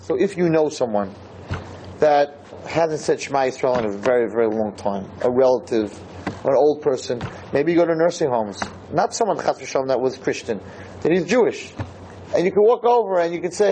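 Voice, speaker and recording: A man giving a Torah lecture to listeners, telling a story with animated emphasis and repeated phrases. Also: a little high, slight background noise, poor audio.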